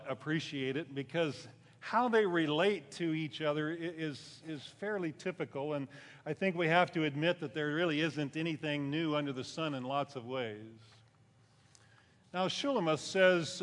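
Here a pastor preaches in a conversational style, his somewhat high voice carrying a fairly bright tone. Emphasis brings his voice up, while the ends of thoughts sink low. A long reverb from the hall surrounds the sound.

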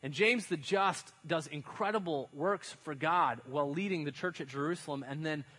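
A male pastor giving a relaxed, conversational sermon. He talks like a friend explaining a story, with slang and loose, chatty phrasing. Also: fairly high pitch, normal speed, husky, low-quality recording. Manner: chatty, uses slang and fillers, dramatizes stories.

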